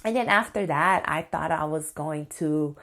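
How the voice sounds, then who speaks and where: A slightly slow-paced woman in her thirties vlogs to camera, telling a story in a somewhat low voice. She's excitable and talkative, constantly saying "like" and addressing her audience as "you guys."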